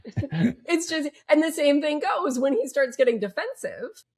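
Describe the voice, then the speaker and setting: A woman relationship coach speaking as a guest on a podcast interview, upbeat and expressive. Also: high voice, unhurried. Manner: upbeat and expressive, fond of gentle emphasis.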